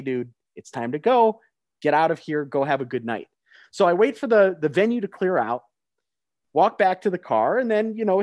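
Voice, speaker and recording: A man's voice: a little high, a little mellow, no room sound. A man hosting a talk show, telling a story to his co-hosts and putting questions to them. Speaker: radio show host. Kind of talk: casual storytelling chat.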